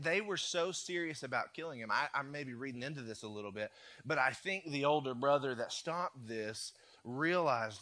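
A man's voice: medium pitch, a little fast, pushed and bright. A man preaching a sermon, retelling a story in a casual, conversational way with playful asides. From United States. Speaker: pastor.

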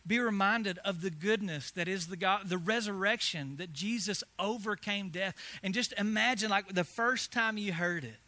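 Male pastor, high bright voice, lively sermon storyteller who drops quiet then builds loud. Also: normal speed, hardly any pauses, no room sound. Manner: animated, swings from hushed to loud.

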